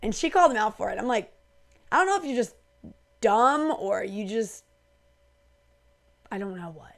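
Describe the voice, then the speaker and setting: A woman's voice: fairly high pitch, lively intonation, moderate pace, vocal fry. A woman hosting a reality TV recap, talking casually and with strong opinions, full of "like" and "um". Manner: chatty, opinionated, lots of fillers like "like" and "um". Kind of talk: casual recap talk to camera.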